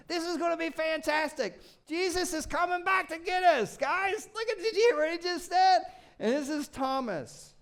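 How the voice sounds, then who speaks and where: Animated high-voiced male pastor preaching. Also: normal speed. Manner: animated, swings from shouting to quiet. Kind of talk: sermon.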